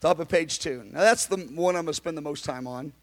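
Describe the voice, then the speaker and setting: High-voiced, emphatic man preaching. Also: brisk. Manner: animated, emphatic, sometimes shouting; conversational, with restarts and asides. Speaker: pastor. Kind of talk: sermon.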